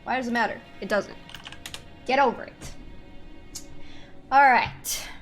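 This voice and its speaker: A woman's voice: fairly high pitch, unhurried. Fed-up swearing young woman streamer. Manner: swearing, exasperated venting. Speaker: game streamer. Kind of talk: casual live-stream commentary. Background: clear game music.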